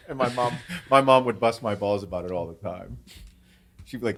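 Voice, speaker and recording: A man's voice: medium pitch, expressive, takes it slowly, long pauses, fairly bright tone, breathy edge. A middle-aged man from western Pennsylvania, a podcast host telling a story in casual chat, swearing freely and laughing as he talks. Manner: profane, laughs through his stories.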